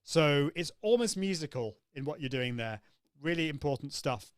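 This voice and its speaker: A man's voice: on the high side, expressive, moderate pace, smooth, dry recording, studio quality. A man hosting a live online coaching session, upbeat and demonstrative, acting out vocal exercises as he explains them. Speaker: host.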